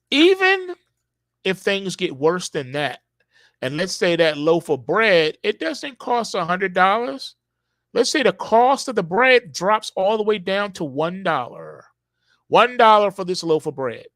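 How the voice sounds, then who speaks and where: A man's voice: a little high, a bit bright, no echo, clean studio sound. A man hosting a live stream, talking in an emphatic, preachy way, repeating himself and stretching words out for effect.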